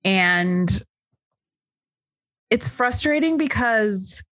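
A woman's voice: medium pitch, measured pace, pauses often, fairly bright tone, dry recording. A woman co-hosting a casual book chat, speaking earnestly and emphatically. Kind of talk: casual chat about books.

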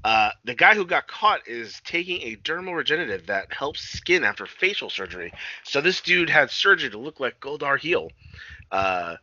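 Excitable, foul-mouthed man recapping a show. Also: mid-range voice, moderate pace, highs cut off. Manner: excitable, profane, retells scenes with acted-out quotes. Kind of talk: casual chat recapping a TV episode.

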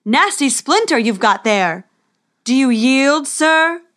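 A cocky young knight who hollers his taunts with loud, boastful pride, as a woman storyteller puts him on. His voice sits higher and pushier than the narration around him. He sounds sure of his win. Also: lively intonation, takes it slowly, exaggerated voice. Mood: taunting. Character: arrogant young male knight rival.

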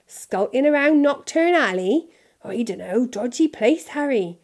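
A woman reading aloud, voicing a huge, gruff, blunt male gamekeeper who growls his lines. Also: a little high, expressive, unhurried, a little mellow, voice pushed up.

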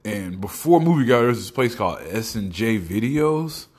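A man's voice: lowish voice, animated, a little fast, darkish tone, breathy edge. A man from Oklahoma hosting a podcast, telling rambling, profane, comic stories in a casual monologue. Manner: profane, rambling storytelling with laughs. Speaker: podcast host.

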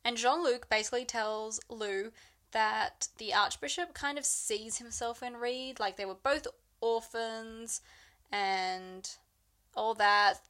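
A chatty young woman with a slightly high voice recaps a novel for a podcast. She moves through the plot at an easy pace and slips into quick acted-out lines for the characters. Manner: animated retelling, acting out characters' lines. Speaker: book podcast co-host. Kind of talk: casual book recap chat.

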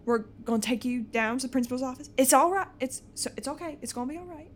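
Woman playing a soft-spoken tired dad. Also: sits high, moderate pace, gravelly, a little hiss or hum, heavily acted. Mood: soothing. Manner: soft, stammering reassurance. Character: weary middle-aged father, gentle.

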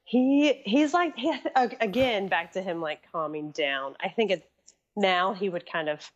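A woman's voice: fairly low pitch, animated, normal speed, muffled recording. A woman guest, a photographer's assistant, chatting casually with many "like" fillers. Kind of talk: casual interview chat.

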